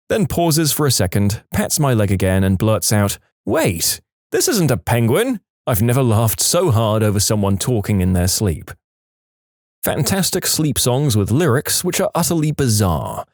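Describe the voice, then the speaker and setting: A man reading reddit stories aloud, lively, dropping into quick voices for the people he quotes. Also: medium pitch, no room sound, studio quality. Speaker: narrator.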